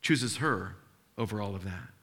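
A middle-aged male pastor preaching a sermon, telling stories in an animated, earnest and emotional way and acting out the dialogue. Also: lowish voice, a little slow.

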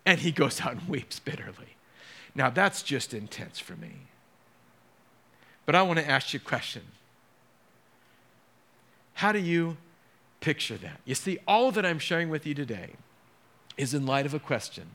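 A man preaching a sermon as a pastor, emotional and dramatic, dropping to hushed tones and rising again. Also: on the high side, big pitch swings, normal speed, creaky, pauses often.

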